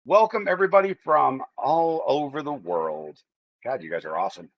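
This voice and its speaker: Lively-voiced American man hosting a stream. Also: mid-range voice, normal speed, muffled recording. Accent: General American. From United States. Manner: rambling, chatty, greets viewers by name. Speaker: livestream host. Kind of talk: casual livestream chat.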